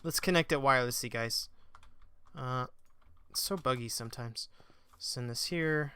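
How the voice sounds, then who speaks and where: Man, casual gameplay commentary, smooth resonant voice, self-mocking, mock-exasperated rants. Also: medium pitch, measured pace, pushed and bright, no echo. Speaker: let's play gamer.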